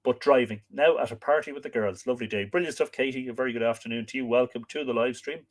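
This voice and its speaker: A man's voice: mid-range voice, fast. A man hosting a live stream, reading old myths aloud, chatting with viewers and stopping to work out pronunciations.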